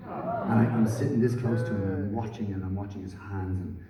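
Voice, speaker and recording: A man telling a rambling, self-deprecating story on a theatre stage, halting with fillers. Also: on the low side, fairly even intonation. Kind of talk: live on-stage anecdote. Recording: echoey hall from far off, dull audience recording. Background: audience noise.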